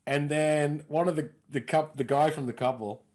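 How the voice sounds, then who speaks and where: A man with a London accent, a comedian guest on a podcast, rambling through stories in a lively way. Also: fairly high pitch, normal speed. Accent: English, London. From England. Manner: animated, rambling storyteller. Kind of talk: podcast conversation.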